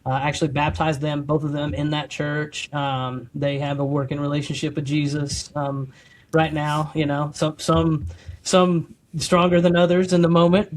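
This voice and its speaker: A middle-aged man on a podcast telling his testimony in a casual, rambling way, acting out his own quotes. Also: fairly high pitch. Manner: animated storyteller, acts out quotes; rambling with many restarts. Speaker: podcast guest.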